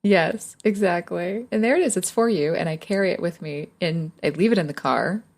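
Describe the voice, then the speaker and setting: A woman's voice: on the low side, moderate pace, creaky, darkish tone. Friendly, laughing woman podcast host. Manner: friendly and laughing, asks open questions. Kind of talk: casual interview conversation.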